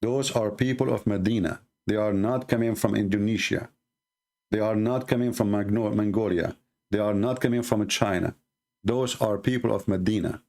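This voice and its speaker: An Arabic-accented man, Arabic being his first language, argues emphatically as host of a live debate show. He repeats phrases and slows to stress points, his fairly low voice steady in tone and a little mellow.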